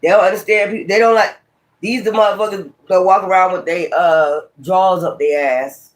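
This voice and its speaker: A man's voice: high-pitched, fairly even intonation, normal speed. A man with a Brooklyn accent doing a tarot reading, ranting profanely and combatively at his critics. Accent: Brooklyn, New York. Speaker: tarot reader. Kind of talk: casual tarot livestream rant.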